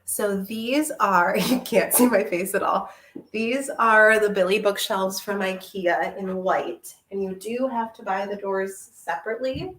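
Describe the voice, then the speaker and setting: Woman vlogger, unhurried casual musing while shelving books, faint room hum, heard from across the room. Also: medium pitch, lively intonation, a bit bright, distant mic. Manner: chatty, musing, half to herself. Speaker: book vlogger. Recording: roomy, off-mic with faint ambience.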